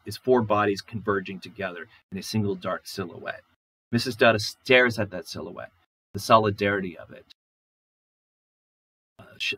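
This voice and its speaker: A man's voice: fairly low pitch, a bit bright, husky, rough recording. A male professor lecturing on a short story, reading passages aloud and talking in a loose, conversational way with many fillers. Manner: conversational, many "you know" and "okay" fillers. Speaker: literature professor.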